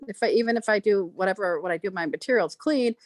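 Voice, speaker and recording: A woman's voice: medium pitch, fast talker, no echo. A middle-aged woman from Chicago, a stand-up comedian, rambling through casual podcast chat with many restarts. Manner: rambling, restarts, animated quoting.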